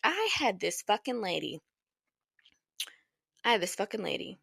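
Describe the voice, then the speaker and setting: A woman's voice: mid-range voice, very animated, a little slow, creaky, fairly bright tone, husky, no room sound. A young woman hosting a podcast, giving casual advice in a blunt, emphatic way, swearing freely and repeating lines for emphasis. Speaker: podcast host.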